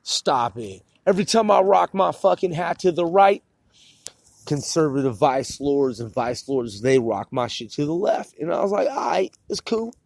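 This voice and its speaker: A man's voice: on the high side, expressive, moderate pace, vocal fry, darkish tone, no echo. Man venting angrily into a phone, swearing a lot, with a dry, close sound. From Puget Sound area. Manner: profane, repetitive, heated. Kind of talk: angry rant to camera.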